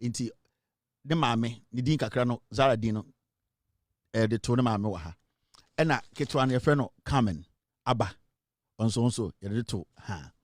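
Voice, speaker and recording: A middle-aged Ghanaian man hosting a live online political show, an animated storyteller who switches between Twi and English and laughs often. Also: mid-range voice, normal speed, long pauses, no room sound, studio quality. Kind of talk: lively livestream commentary.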